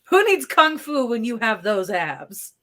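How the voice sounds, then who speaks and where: A woman reviewing a film in a casual chat, quick and playfully teasing. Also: fairly high pitch, very animated, a bit bright.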